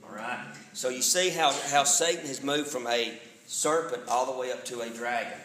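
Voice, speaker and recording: In a church sanctuary, a pastor in his 40s casually teaches a Bible study, often checking in with the room by asking "all right?" His mid-range voice moves at a moderate pace, and the low-quality recording sounds roomy, with crowd noise.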